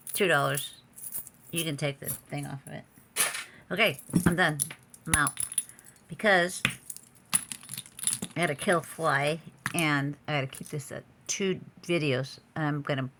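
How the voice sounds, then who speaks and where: Her voice is deep and creaky, yet fairly bright in tone. In a casual vlog shot in a room at home with the door left open, this online jewelry seller chats away, mutters to herself, and exclaims frequently.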